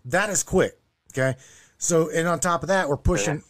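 A man's voice: a little high, moderate pace. Brash, profane male streamer host. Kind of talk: casual chat. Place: home studio.

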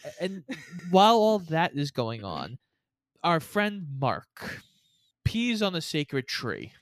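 A man co-hosting a casual podcast, summarizing a movie's plot in a measured, plain way. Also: a little high, huge pitch swings, fairly bright tone, no echo. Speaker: podcast co-host. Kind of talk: casual chat recapping a movie.

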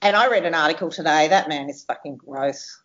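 A middle-aged woman, animated and exclamatory in a casual chat. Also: deep voice, fairly quick. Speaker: podcast co-host. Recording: dull lo-fi sound.

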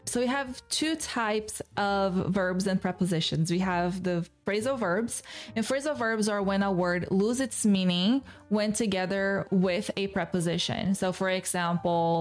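A woman teaching English who explains patiently, step by step, and repeats the key words. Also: medium pitch.

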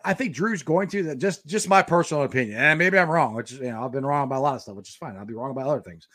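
Fast bright-voiced man, hedging. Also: medium pitch. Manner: quick, hedging, agreeable. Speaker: podcast host. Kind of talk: casual sports chat.

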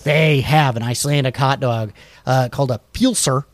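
A man co-hosting a casual chat, reading facts off slides in a relaxed, rambling way with many fillers and restarts. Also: medium pitch, normal speed, no echo. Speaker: podcast co-host.

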